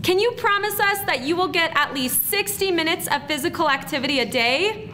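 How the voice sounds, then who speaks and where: A woman presenter talks to a room of schoolkids in an unhurried, encouraging, teacherly way. Her voice is high, lively and bright, with a faint hiss of noise behind it. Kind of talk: speaking to students at an assembly.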